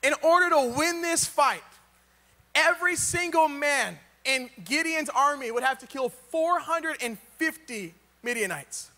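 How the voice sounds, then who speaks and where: Casual joking preacher, male, high voice, reverberant church hall. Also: measured pace, sharp tone. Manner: casual, joking retelling with rhetorical questions. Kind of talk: sermon.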